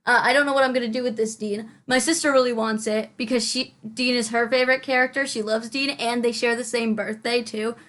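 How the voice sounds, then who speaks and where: Young woman rambling over a game build, kinda high voice, all over the place, talks to herself, headset mic. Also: fairly even intonation, fairly quick, hardly any pauses, a bit bright. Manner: scatterbrained, self-mocking, talks to herself. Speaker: channel host. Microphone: headphones with mic.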